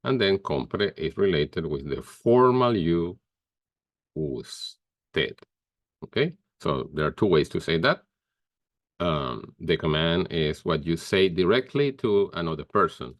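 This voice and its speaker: Slow, deep-voiced male teacher. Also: expressive, no echo, studio quality. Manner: slow, careful explaining with pauses and fillers. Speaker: Spanish teacher. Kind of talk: grammar lesson.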